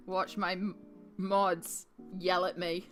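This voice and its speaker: A woman's voice: fairly low pitch, lively intonation, extremely slow, a bit bright, soft background music. A woman chatting casually on a live art stream as she paints, upbeat and talkative as she answers her chat.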